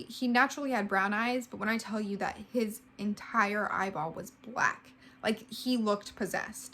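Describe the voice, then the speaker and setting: A woman's voice: mid-range voice, sharp tone. A woman in her twenties giving a casual storytime vlog, emotional and full of "like". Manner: heavy use of "like", emotional retelling. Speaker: vlogger.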